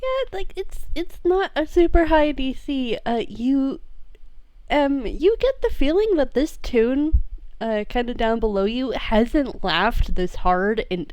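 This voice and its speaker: A woman narrates her character's actions at a tabletop game in a slow, hesitant way, full of fillers. Her voice is fairly high and the sound is close and dry. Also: animated, a little mellow, dry recording. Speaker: player.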